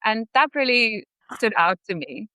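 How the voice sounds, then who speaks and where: A woman's voice: on the high side, expressive, measured pace, sharp tone, no room sound. A woman guest telling personal stories on a podcast, heartfelt and earnest. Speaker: podcast guest, sales student. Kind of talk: candid personal storytelling.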